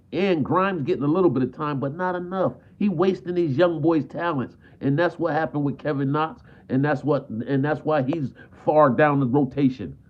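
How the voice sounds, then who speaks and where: A man ranting as a frustrated basketball fan on a live stream. He repeats himself and drops "man" at the end of almost every line. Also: on the high side. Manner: frustrated, repetitive, peppers talk with "man". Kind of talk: live stream sports rant. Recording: tinny phone-like audio.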